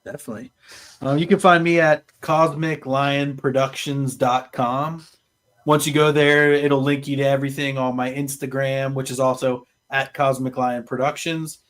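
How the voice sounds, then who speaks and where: A man's voice: medium pitch, level tone, moderate pace, a bit bright. A man who podcasts, speaking steadily and informatively in casual chat over a video call. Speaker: co-host and podcaster.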